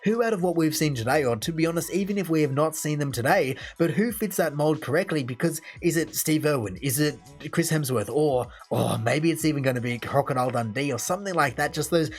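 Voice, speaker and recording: A man's voice: a little high, brisk, few pauses, slightly rough, soft background music. An Australian man hosting a reaction video, thinking aloud in long, rambling commentary. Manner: musing, thinks aloud in long run-on sentences. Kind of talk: casual commentary.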